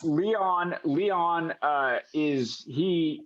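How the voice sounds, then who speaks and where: Man, game master, casual narration, halting, fillers, slightly high voice, dull recording. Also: dry recording.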